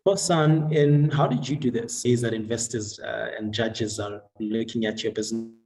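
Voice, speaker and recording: A man moderating an online webinar, talking in a halting way with many fillers and restarts. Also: medium pitch, darkish tone. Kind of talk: hesitant online webinar chat.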